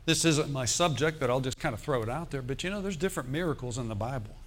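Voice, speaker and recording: A man preaching a sermon, animated and quoting scripture, calling out for amens. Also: mid-range voice, fast.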